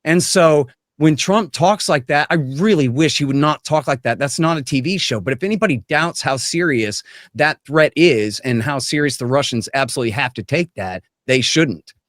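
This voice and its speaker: A man's voice: on the high side, expressive, moderate pace, fairly bright tone, dry recording, studio quality. A man giving blunt, emphatic, opinionated political commentary as an interview guest.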